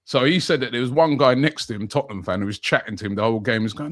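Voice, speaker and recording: A man's voice: medium pitch, fast talker, few pauses. A man, a podcast co-host telling a funny fan story in casual chat, putting on voices for the people he quotes. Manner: animated storyteller, puts on voices for quoted fans.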